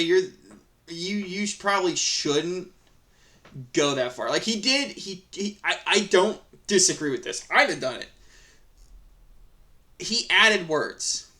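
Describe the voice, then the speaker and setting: A man's voice: fairly high pitch, bright, forceful tone. A man reading an online story aloud, then giving a heated, profane commentary full of restarts and repeats.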